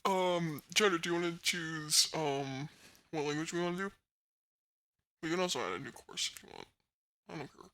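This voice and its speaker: A woman with a low, animated, bright voice and a forceful tone talks at a moderate pace, pausing often. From her bedroom at home she chats casually with her live stream viewers, giggling frequently and talking to chat.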